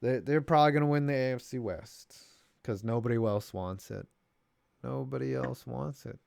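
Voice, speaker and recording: A man's voice: mid-range voice, normal speed, creaky, no echo, clean studio sound. A man co-hosting a sports livestream, reading donations and joking in casual chat with frequent swearing. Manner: animated, jokey, swearing, puts on voices reading messages. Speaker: stream co-host reading donations.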